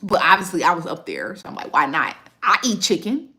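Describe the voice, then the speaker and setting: A woman's voice: fairly low pitch, a little fast. A woman, a food reviewer chatting casually on a livestream and answering viewers' comments. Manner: animated, reads and answers viewer comments, repeats herself. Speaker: food reviewer and content creator. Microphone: phone livestream.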